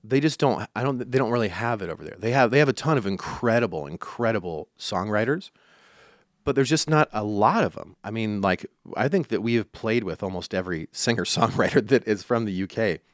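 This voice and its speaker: A man's voice: lowish voice, expressive, brisk, dry recording, studio quality. A young man from Iowa, a country musician, telling stories in a casual interview, rambling with fillers and restarts. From Iowa, USA.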